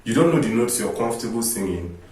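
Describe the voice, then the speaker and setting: A man's voice: on the low side, expressive, fast talker, darkish tone. A man coaching singers, explaining with rhetorical questions in an informal teaching talk. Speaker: vocal coach. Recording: echoey room, distant mic.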